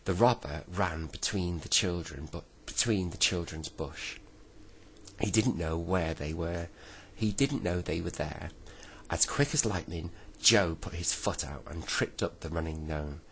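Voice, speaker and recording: A man reads a bedtime story in a deep, unhurried voice. He reads gently and now and then stops to correct himself. A faint hush of ambience sits behind him. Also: a little hiss or hum, poor audio. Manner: gentle reading with self-corrections.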